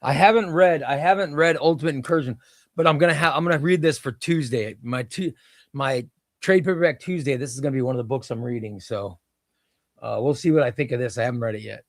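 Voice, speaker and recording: A man's voice: mid-range voice, fairly quick, dry recording. A man hosting a casual comic book livestream from home, rambling and restarting sentences as he answers viewer comments. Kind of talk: casual live-stream chat. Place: home room.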